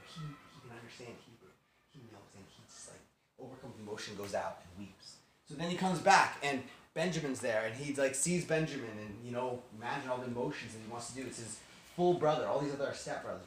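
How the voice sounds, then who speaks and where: A man's voice: medium pitch, fairly quick, far from the mic, slight background noise. Chatty man telling a story in an echoey room. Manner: animated, chatty, acts out quotes. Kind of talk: casual Bible storytelling.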